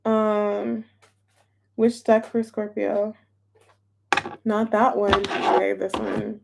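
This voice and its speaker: A woman's voice: mid-range voice, little pitch movement, very slow, vocal fry, darkish tone, a little hiss or hum. A young woman chatting casually on a live stream as a tarot reader, bubbly and chatty and greeting viewers by name. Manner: chatty, bubbly, reads chat names aloud.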